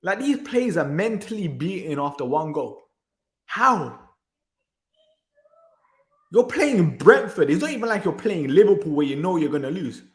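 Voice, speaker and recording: A man with a slightly high, very animated voice speaks unhurriedly, leaving long pauses. He's ranting about a match on his football reaction channel, sighing in exasperation and repeating phrases, with the echoey room audible.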